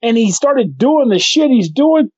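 A man with a high voice rants on a casual podcast, swearing freely and getting worked up as he talks. The sound is dry and a little dull, like a home mic. He talks loosely, with many fillers. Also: a little slow, slightly rough, dry recording. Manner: animated, swearing, mocking voices in quotes. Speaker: podcast co-host. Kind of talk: casual ranting chat.

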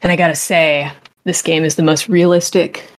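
A woman hosts a casual chat show in a slightly low voice. She rambles with animated, joking enthusiasm, quick asides breaking into her review. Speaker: podcast host reviewing a game.

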